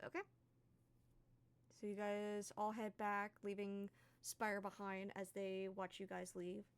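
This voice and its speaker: A woman's voice: medium pitch, monotone, clear, resonant tone. Woman narrating as game master. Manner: casual, halting narration with fillers.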